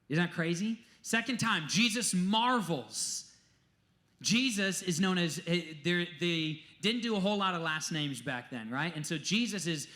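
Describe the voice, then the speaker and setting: A man preaching a sermon as a pastor, telling stories emphatically and dropping to a hush at times. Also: on the high side, normal speed. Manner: animated, emphatic storytelling with sudden drops to a hush.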